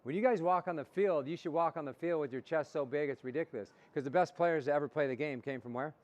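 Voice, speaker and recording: A man's voice: on the high side, quick pace, a little mellow, a little hiss or hum. A man coaching young baseball players in a motivational talk, asking questions and repeating the answers back. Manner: call-and-response, asks questions and repeats answers. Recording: dull lo-fi recording.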